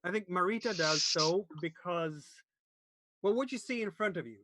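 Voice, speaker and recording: Male game master with a fairly high voice, dry close sound, hesitant delivery. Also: bright, forceful tone, dry recording. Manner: halting, searching for words. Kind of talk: narrating a tabletop game.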